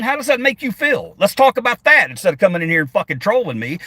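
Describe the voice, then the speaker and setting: A man's voice: high voice, very animated, fast, few pauses, pushed and bright, breathy edge, dry recording. Profane middle-aged man ranting at chat. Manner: combative and sarcastic, swearing often. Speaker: livestreamer reading chat comments. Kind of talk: profane live-stream rant. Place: in a car while driving. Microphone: phone.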